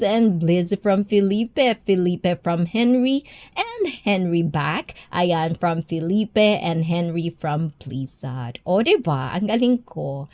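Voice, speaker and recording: A woman's voice: on the low side, darkish tone. A woman hosting a casual livestream, a personal trainer who chats with viewers by name and laughs often.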